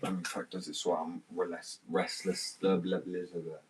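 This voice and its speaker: A man's voice: low-pitched, little pitch movement, moderate pace, very noisy. A man, chatting casually and rambling for a vlog, swearing freely and sounding drowsy and loose. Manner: rambling, sweary, laid-back. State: drowsy on muscle relaxant.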